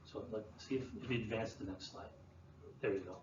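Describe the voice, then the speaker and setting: A man's voice: lowish voice, brisk. Male presenter, explanatory, distant mic, dull lo-fi sound. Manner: relaxed, explanatory, many fillers and restarts. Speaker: land use planner presenting. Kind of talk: live presentation to an audience. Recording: roomy, distant, dull sound with faint room noise.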